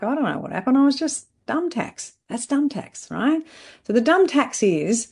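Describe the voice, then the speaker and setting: A middle-aged woman with a lowish, slightly mellow voice coaches salon owners in a podcast monologue. She's blunt and emphatic, repeats catchphrases, and keeps checking in with "right?".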